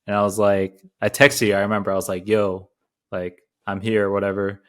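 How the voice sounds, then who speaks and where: Chill twenties guy on a podcast, lowish voice, lots of slang and swearing. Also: level tone, fairly quick, a bit bright. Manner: laid-back storyteller, heavy slang and swearing, frequent laughter. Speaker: podcast co-host. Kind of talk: casual chat.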